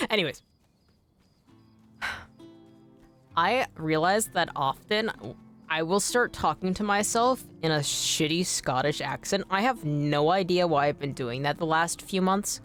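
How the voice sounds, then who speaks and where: A deep-voiced woman streamer chats casually while playing a game live. She rambles with lots of fillers, swears freely, and bursts into sudden excited outbursts.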